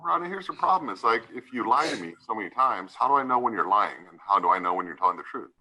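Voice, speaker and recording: A man's voice: on the low side, expressive, fast, sharp tone, breathy edge, low-quality recording. A man serving as judge, giving a stern courtroom lecture and repeatedly asking "right?" to press his point.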